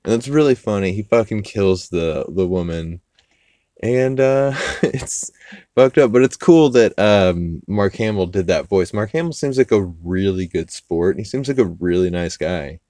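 A man's voice: low-pitched, expressive, measured pace, dark tone, dry recording, studio quality. A man hosting a podcast, casually recapping an episode with lots of fillers and swearing. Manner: rambling, swears a lot, many fillers. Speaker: podcast host.

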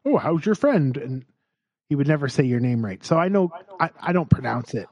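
A man's voice: mid-range voice, brisk, darkish tone, lo-fi sound. A podcast host in casual chat who laughs often and teases his co-host.

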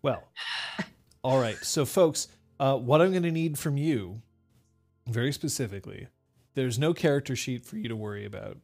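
A man's voice: mid-range voice, expressive, normal speed, gravelly, a little mellow, soft background music. A young man running a tabletop game as game master, chatting casually and laughing at himself with his players.

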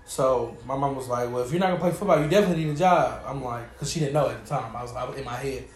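A man's voice: mid-range voice, fast, hardly any pauses. A young man hosting a podcast, telling stories in a laid-back way with heavy slang. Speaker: podcast host. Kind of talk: casual chat. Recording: echoey room.

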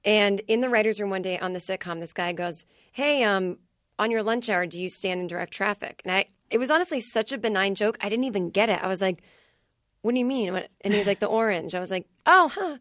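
A woman's voice: mid-range voice, no room sound. Chatty woman telling stories in a dry studio. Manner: chatty, fast storytelling with many "like"s and acted-out quotes. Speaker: comedy writer and guest. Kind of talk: casual podcast interview.

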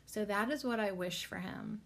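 A woman hosts a podcast and reads cards at a moderate pace, rambling casually through spiritual talk with plenty of filler words. She sounds tired and low on energy.

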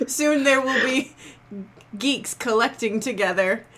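A woman's voice: high voice, animated, takes it slowly, fairly bright tone. A woman co-hosting a podcast, chatting casually, giggly and playful with wordplay. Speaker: podcast co-host. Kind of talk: casual chat.

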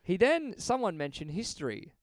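A man's voice: high-pitched, normal speed, no room sound. A man telling an exasperated work story in casual podcast chat, swearing freely and acting out what others said. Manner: animated, exasperated storyteller who swears and acts out quotes.

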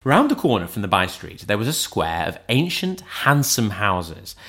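A male narrator reads a classic novel aloud. His voice sits on the low side, and his intonation rises and falls widely. The reading is expressive and steady. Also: normal speed, husky.

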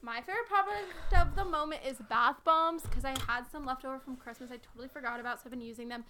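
A young woman with a high, bright voice tells stories in loose, animated podcast chat. She is blunt, swears easily and strings her sentences together with fillers. A faint hiss sits under her voice. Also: quick pace. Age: young adult. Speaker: podcast co-host. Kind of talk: casual chat.

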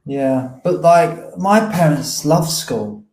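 A man's voice: a little high, expressive, slow, darkish tone. A man chatting casually and reflectively, a little self-deprecating, as a podcast co-host. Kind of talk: casual chat. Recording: roomy echo.

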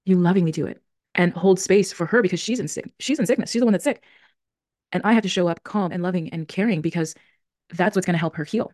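A woman's voice: on the low side, fast, a little mellow, no room sound, studio quality. A woman in her thirties hosting a solo podcast, speaking in an earnest, reflective way and often correcting herself mid-sentence. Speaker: podcast host. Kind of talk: solo podcast talk on emotions.

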